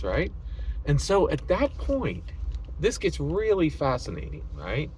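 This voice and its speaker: A man's voice: medium pitch, wildly swooping pitch, moderate pace, a little hiss or hum, low-quality recording. A man talking casually to the camera about politics in a loose, rambling way, often tagging his lines with "right?". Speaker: political vlogger. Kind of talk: casual monologue commentary.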